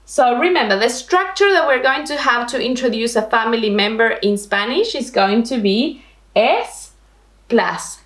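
A woman Spanish teacher giving a language lesson, slowly modeling each word for the learner to repeat. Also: on the high side, animated, a bit bright, echoey room. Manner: slow, careful modeling of pronunciation.

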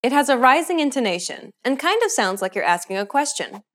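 Lively-voiced woman teaching a lesson. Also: high voice. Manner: clear, measured instructional delivery. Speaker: language teacher. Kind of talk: scripted lesson narration.

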